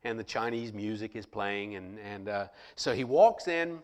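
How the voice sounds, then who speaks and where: A man telling a personal story to listeners in a lively way, acting out the people he quotes. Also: on the low side, moderate pace. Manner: animated, acts out the people he quotes. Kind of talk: personal anecdote told to listeners.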